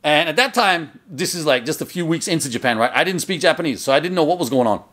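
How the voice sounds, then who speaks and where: A man's voice: a little high, lively intonation, fast. Chatty man telling a story loosely. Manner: chatty, loose, filler-heavy, with loud acted shouts in quotes. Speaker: memoir narrator. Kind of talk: casual spoken storytelling.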